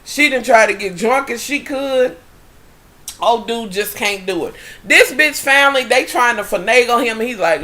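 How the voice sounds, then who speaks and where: A woman vlogger recapping a TV episode in a casual chat, animated and profane, with dramatic exclamations. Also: on the high side, normal speed.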